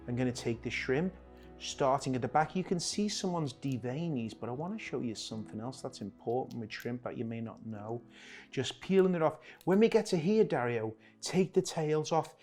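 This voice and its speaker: A man's voice: a little high, a little mellow. A man hosting a cooking demonstration, chatty and joking, often talking to his cameraman. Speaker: chef hosting a cooking show.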